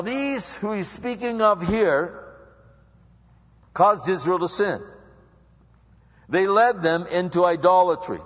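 A man preaching a sermon, reading scripture and explaining it, casually acting out how listeners might answer. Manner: conversational preaching, acts out listeners' voices with big pitch swings. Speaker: pastor. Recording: muffled recording with long hall reverb.

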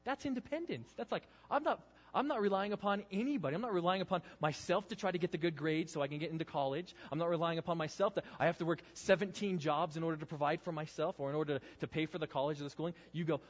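A man preaching a sermon, earnest, swinging between loud emphasis and hushed intensity. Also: a little high, quick pace, hardly any pauses. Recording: dull sound with long reverb in a hall.

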